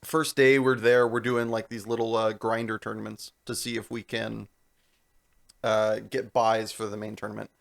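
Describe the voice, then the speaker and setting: A young man co-hosting a podcast, telling a long story in casual chat, animated and laughing as he goes. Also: fairly low pitch, normal speed, vocal fry. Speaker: podcast co-host.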